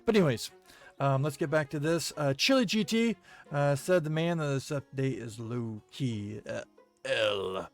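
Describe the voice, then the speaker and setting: A man giving casual gameplay commentary, reading viewer comments aloud in a halting way with many ums and uhs and the odd chuckle. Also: a little high, animated, soft background music. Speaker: gaming video creator.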